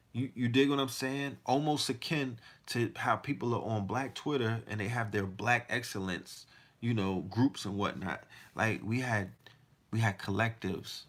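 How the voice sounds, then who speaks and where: A man with a low, gravelly voice holds forth in a heated, casual monologue. He fires off one rhetorical question after another and swears freely as he presses his point. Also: a bit bright. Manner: emphatic and profane, firing rhetorical questions. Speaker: podcast host.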